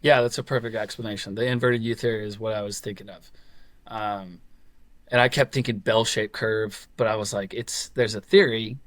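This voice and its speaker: A man's voice: lowish voice, fairly even intonation, normal speed, no room sound. A man in his twenties telling a story casually, with fillers and quoted voices. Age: 20s. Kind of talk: casual chat.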